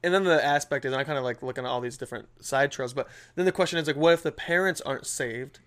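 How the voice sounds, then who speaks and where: A young man in his twenties co-hosting a relaxed podcast conversation. He talks at a brisk clip and tells stories with lively energy, peppered with fillers. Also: medium pitch. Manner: animated storytelling with lots of filler. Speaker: podcast co-host. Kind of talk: casual chat.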